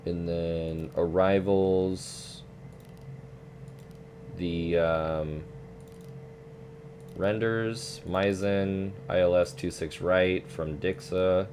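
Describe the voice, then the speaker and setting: This young flight-sim streamer has a deep voice and speaks very slowly, with long pauses, over a faint hiss or hum. He keeps it casual and relaxed, cursing occasionally and calling people "dude" often.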